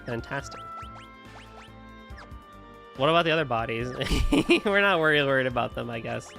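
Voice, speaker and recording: A man's voice: mid-range voice, expressive, moderate pace, gravelly, bright, forceful tone. A man streaming a game and chatting casually, laughing and reading the on-screen text aloud. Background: faint guitar game music.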